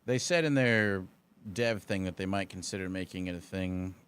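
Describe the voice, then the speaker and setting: A man's voice: low voice, moderate pace, a bit bright, clean tone. A man streaming a game live, chatting casually and answering his chat with dry, sarcastic banter. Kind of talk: casual gaming commentary.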